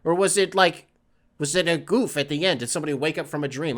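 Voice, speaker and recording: A man hosting a solo sports podcast, ranting in an animated, exasperated way and swearing freely. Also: on the high side, quick pace. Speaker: podcast host.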